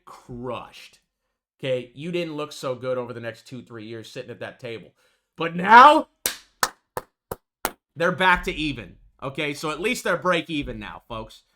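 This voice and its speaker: A man's voice: fairly high pitch, sharp tone. A man hosting a trading channel, giving emphatic, repetitive market commentary over charts and tagging his lines with "okay" and "folks".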